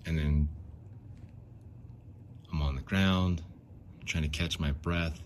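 Very deep-voiced rambling man. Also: fairly even intonation, takes it slowly, a little hiss or hum. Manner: rambling, repeats himself, frequent likes and restarts. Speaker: podcast host. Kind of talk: casual monologue.

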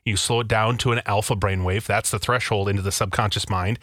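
Guy on a podcast, bright voice, dry sound, earnest and patient, explains stuff. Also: fairly low pitch, fairly even intonation, a little fast, dry recording. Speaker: podcast co-host. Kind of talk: casual chat.

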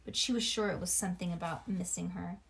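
A woman's voice: on the low side, quick pace, gravelly, slight background noise. Woman reading a children's book aloud. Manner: animated, with asides to a child listener. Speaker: reader.

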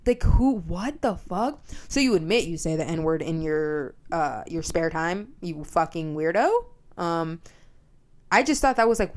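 A woman's voice: lowish voice, unhurried. Blunt, swearing young woman podcaster. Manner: blunt, profane and animated. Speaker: podcast host. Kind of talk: casual monologue.

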